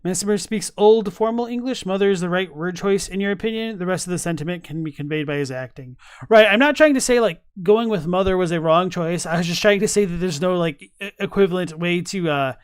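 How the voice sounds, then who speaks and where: Give me a man on a live stream who thinks aloud and reads chat, with a high, clear voice. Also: a little fast, few pauses, no room sound, clean studio sound. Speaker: streamer reacting to game lore.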